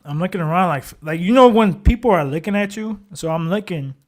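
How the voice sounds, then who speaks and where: A man in his thirties from Ohio, co-hosting a casual sports chat and telling a story in an animated, profane way, laughing as he goes. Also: high voice, brisk. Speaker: podcast co-host.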